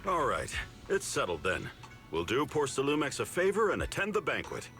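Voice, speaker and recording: An actor playing a confident, persuasive senior disciple in a game. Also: male voice, mid-range voice, wildly swooping pitch, moderate pace, a bit bright, soft background music. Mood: assured. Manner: assured, persuasive. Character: confident senior male disciple, shrewd planner. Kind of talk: game voice acting.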